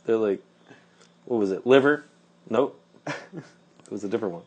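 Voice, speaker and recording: A man's voice: lowish voice, moderate pace, breathy edge. A man casually telling a rambling story on a podcast, with lots of fillers and laughs.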